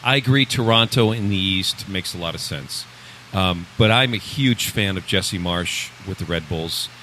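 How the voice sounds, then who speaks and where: A man with a low voice that still cuts through brightly offers measured and thoughtful opinions as a guest pundit. He sounds calm and considered. A faint hiss runs underneath. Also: low-quality recording. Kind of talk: casual sports chat.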